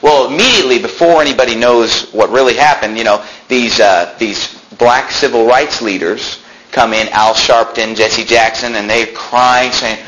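A man pastor preaching a sermon in a church, talking conversationally and breaking into animated outbursts. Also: medium pitch, normal speed, a little hiss or hum, poor audio. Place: church sanctuary.

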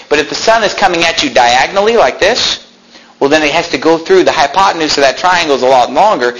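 A pastor preaching a sermon in a church, explaining scripture with rhetorical questions and folksy asides. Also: male voice, fairly high pitch, a bit bright, a little hiss or hum, rough recording.

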